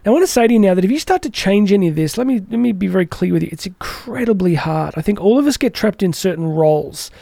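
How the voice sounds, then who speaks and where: A man's voice: high voice, animated, quick pace, vocal fry, few pauses, mellow, no echo, clean studio sound. A man hosting a motivational podcast, talking energetically and chattily and acting out the voices he quotes. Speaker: podcast host.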